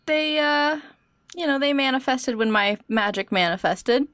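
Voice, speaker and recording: A woman's voice: high voice, expressive, unhurried, fairly bright tone, no room sound. A woman playing a guarded, terse young woman with scales on her face, in a tabletop game. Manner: terse, dry.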